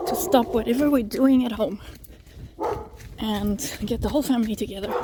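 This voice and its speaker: A middle-aged woman talks into her phone camera on a walk outdoors, out of breath, chatty and laughing. Her voice sits a little high, and a faint hiss runs under it. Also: normal speed. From immigrant to Israel. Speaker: resident showing her shelter route. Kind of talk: handheld video walk-through. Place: outdoors, then in a bomb shelter.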